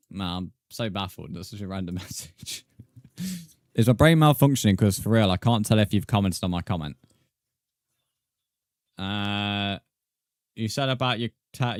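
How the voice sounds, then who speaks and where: A man's voice: deep voice, no echo, clean studio sound. A young man streaming a game, chatting casually and reading viewer comments aloud. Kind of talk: casual live-stream chat.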